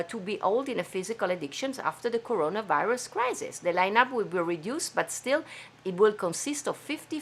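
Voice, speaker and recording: A woman's voice: mid-range voice, a bit bright. A woman from Venice with an Italian accent, hosting her own live stream in an enthusiastic, chatty way with frequent fillers. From Venice, Italy. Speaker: host of a live stream show. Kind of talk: casual live-stream chat. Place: home studio.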